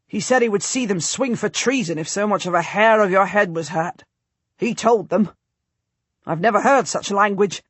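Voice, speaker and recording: A woman voicing an eager young male guardsman in an audiobook, reporting news quickly. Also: medium pitch, slightly rough, no room sound, lightly acted.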